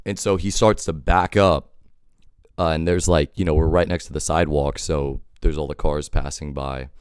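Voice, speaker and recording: A man with an extremely deep, smooth voice tells a rambling, wry story, filling it with "like" and "you know." He is sick, and it comes across as close and dry. It sounds like a casual storytime vlog. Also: fairly even intonation, moderate pace, no room sound. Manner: rambling, filler-heavy, wry. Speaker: storytelling vlogger.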